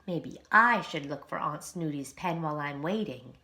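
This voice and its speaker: Lady reading a lil boy mouse, anxious and eager, high bright voice all over the place. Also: expressive, normal speed. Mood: thoughtful.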